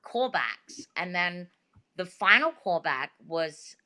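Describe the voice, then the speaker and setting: A woman with an Australian accent, a guest telling stories in a chatty, animated way full of fillers, over a video call. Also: lowish voice, slow pace. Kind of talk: casual interview talk.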